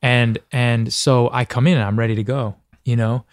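A man's voice: mid-range voice, steady tone, moderate pace, no room sound, studio quality. A man speaking as a podcast guest in casual conversation, earnest and reflective, often stopping and restarting his sentences.

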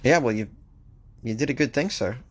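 A man hosting a comedic news talk show, reading strange stories aloud before riffing on them. His voice sits at a middle pitch. He delivers wry, joking asides in a casual tone. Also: moderate pace. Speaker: podcast host.

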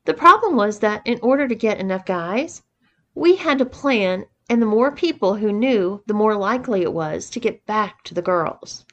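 A woman's voice: medium pitch, animated, normal speed, a bit bright, dull audio, lightly acted. A woman reading the part of a sheepish young man recounting a story, matter-of-fact.

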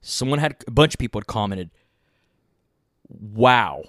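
A man's voice: medium pitch, lively intonation, quick pace, no room sound, clean studio sound. Heated, rambling man in casual talk. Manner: rambling, heated, swears a lot, many restarts. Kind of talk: casual profane chat.

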